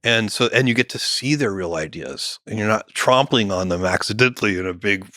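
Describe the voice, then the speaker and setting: A middle-aged man with a bright, clear tone and a voice sitting a little low, speaking in a measured, musing way and often restarting his sentences. The sound is dry and close. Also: dry recording. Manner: measured, thinks aloud with many "you know" fillers and restarts. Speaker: guest, company founder. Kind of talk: relaxed podcast conversation.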